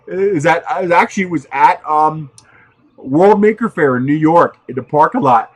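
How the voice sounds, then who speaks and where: A man's voice: on the high side, moderate pace. A man hosting a 3D printing livestream, chatting casually with viewers, telling stories loosely with profanity and frequent laughter.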